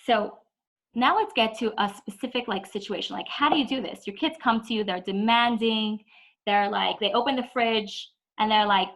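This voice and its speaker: A woman's voice: fairly high pitch, moderate pace, a bit bright, low-quality recording. A woman teaching an online parenting lesson in a chatty way, often saying "like" and acting out whiny kids. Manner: chatty, says "like" a lot, acts out whiny kids.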